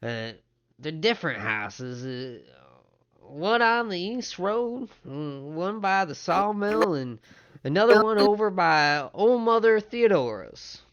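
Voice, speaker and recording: A man voicing a hesitant older village elder who speaks in halting bits, in a tabletop game. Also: sits high, big pitch swings, dull audio, noisy background, pitched above the performer's own voice, heavily acted. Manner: halting, filler-heavy.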